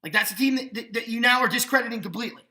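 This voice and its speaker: A man's voice: very high-pitched, racing, sharp tone, reverberant. A man hosting a sports podcast, ranting indignantly with sarcasm. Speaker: podcast host. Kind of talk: sports opinion rant.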